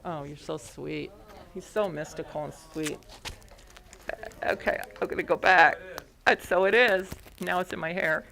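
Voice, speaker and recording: Woman minister, sermon to the congregation, headset mic, lively storytelling with laughs. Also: on the low side, a little slow, vocal fry, noisy background. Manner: animated storytelling with frequent laughs. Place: church service before a congregation.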